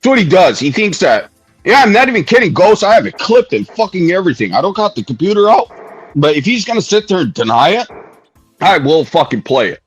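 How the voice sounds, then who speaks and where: A husky-voiced man rants on a livestream, his pitch leaping up and down as he keeps hammering the same insults. His voice is close and dry, with faint music underneath. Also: very animated, brisk, no echo. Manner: heated, profane, repeats jabs for emphasis. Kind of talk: angry livestream rant. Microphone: streaming mic.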